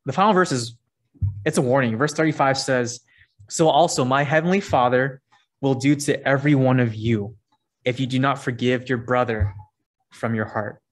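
A man's voice: medium pitch, fairly even intonation, moderate pace. A man preaching a sermon, earnest and conversational, reading scripture verses aloud between his points. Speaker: pastor.

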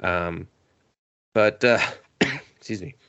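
A man's voice: fairly low pitch, very slow, a bit bright, no echo, highs cut off. A man hosting a podcast, recapping anime in a rambling, profane, casual way while sick with a cough, chuckling often. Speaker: podcast host.

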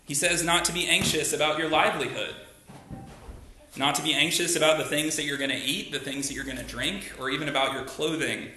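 Bright-voiced man preaching in an echoey room. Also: a little high, steady tone, fairly quick, a little hiss or hum. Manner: conversational, asks the listeners rhetorical questions. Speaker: pastor. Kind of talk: sermon.

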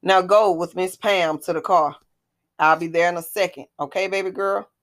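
A woman reading the part of a smirking, threatening ex-husband in a spoken story, with a low voice. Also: steady tone, moderate pace, lightly acted. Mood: coaxing. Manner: taunting, threatening. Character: menacing smirking ex-husband, grown man.

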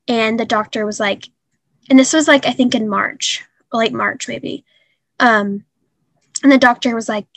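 A young woman telling a painful personal story in an interview, halting and earnest with many fillers. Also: on the high side, steady tone, a bit bright, no room sound. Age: young adult. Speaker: guest.

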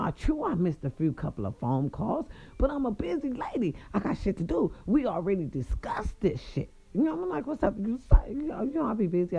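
Woman, vlog storytelling, husky, gravelly, profane, talks to viewers. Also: medium pitch, warm tone, dull audio. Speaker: vlogger telling a story. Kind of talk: casual storytelling monologue.

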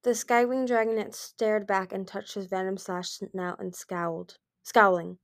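A woman's voice: medium pitch, flat delivery, unhurried, dry recording, studio quality. A woman reading a fantasy novel aloud in an amateur recording, with small slips and restarts. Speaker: audiobook reader.

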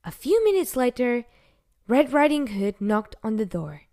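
A woman narrating a fairy tale in a gentle, unhurried storybook manner, sometimes dropping to a whisper. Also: on the high side, big pitch swings.

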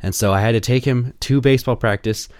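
A man in his thirties with a Midwestern American accent, co-hosting a podcast in a slow, deliberate, dry casual chat. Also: medium pitch, a little mellow, no room sound. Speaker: podcast co-host.

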